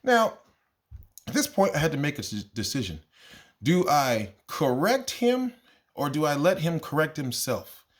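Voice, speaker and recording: A man who teaches kindergarten, telling funny stories from his class in a casual, exasperated, animated way and jumping up in pitch when he quotes himself. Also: unhurried. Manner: animated, exasperated, jumps into high voices when quoting himself. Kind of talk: casual storytelling monologue.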